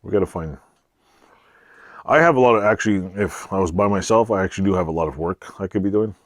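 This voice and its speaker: A man's voice: deep voice, quick pace, dry recording. A middle-aged man chatting casually and joking with his daughter in his home garage workshop. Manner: joking, laid-back, laughs often. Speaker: channel host. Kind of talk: casual chat.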